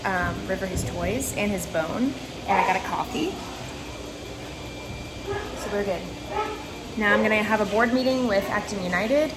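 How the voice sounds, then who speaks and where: A young woman vlogging casually about her day, rambling and candid, then gushing in high baby talk to her dog. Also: normal speed, pauses often, very noisy. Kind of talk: casual vlog chat.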